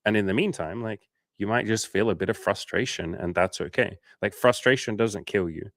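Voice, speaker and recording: A man's voice: moderate pace, no room sound, clean studio sound. A man coaching viewers on a livestream, talking bluntly and casually, swearing now and then. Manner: blunt, casual, swears, acts out quotes in higher voices.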